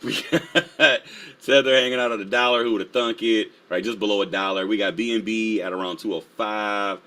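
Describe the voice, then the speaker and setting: A man's voice: lowish voice, steady tone, fairly quick, pushed and bright. A man hosting a casual live stream, full of energy, laughing often and reading the chat aloud. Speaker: livestream host.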